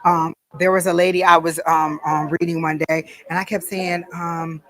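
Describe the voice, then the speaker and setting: A woman's voice: on the low side, level tone, moderate pace, a bit bright, rough recording. A woman teaching a class on psychic reading, talking casually and telling stories with frequent ums. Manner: chatty storytelling with frequent ums. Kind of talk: casual teaching talk to a small group.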